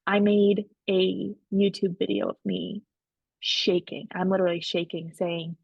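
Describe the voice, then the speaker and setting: A woman's voice: mid-range voice, unhurried, creaky, slightly rough, dry recording, muffled recording. A woman guest on a podcast, telling her story candidly and animatedly, acting out what others said. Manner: candid, animated, quotes others in shifting voices. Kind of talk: casual storytelling.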